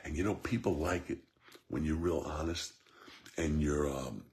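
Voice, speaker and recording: Gravelly-voiced fervent male preacher. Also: very deep voice, unhurried. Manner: fervent, swings between shouting and hushed tones; repeats a refrain, addresses listeners by name. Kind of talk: impassioned sermon.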